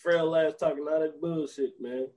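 Mellow, high-voiced male co-host who acts out movie dialogue with gusto. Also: steady tone, moderate pace, rough recording. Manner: emphatic storyteller, profane, acts out dialogue. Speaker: podcast co-host. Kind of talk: casual movie recap chat.

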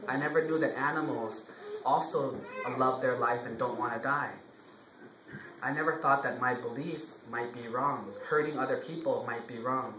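A man's voice: mid-range voice, fairly even intonation, normal speed, sharp tone, roomy sound, recorded from a distance, slight background noise, close to an everyday voice, rough recording. A man voicing a remorseful male priest in a spoken story, in an earnest storytelling voice.

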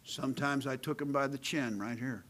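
A middle-aged man preaching a sermon, calling for amens and moving between loud emphatic delivery and a hushed near-whisper. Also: medium pitch, moderate pace, a little hiss or hum, poor audio. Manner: calls out "amen" to the congregation. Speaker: pastor.

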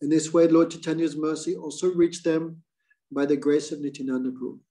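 A man's voice: fairly high pitch, brisk, rough recording. A man, a spiritual teacher, telling a devotional story in a class and acting out the lines of its figures. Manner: animated storyteller who voices quoted lines.

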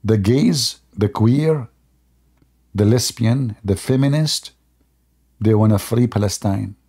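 Male debate host, husky and mellow, mocking tone, rambling storyteller who keeps chuckling. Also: on the low side, takes it slowly. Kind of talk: casual mocking monologue.

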